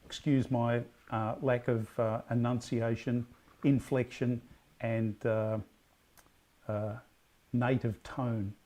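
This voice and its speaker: Rambling Australian quiz host. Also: male voice, mid-range voice, level tone, mellow. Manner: rambling, self-correcting, slow emphatic question reading. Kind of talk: casual quiz hosting.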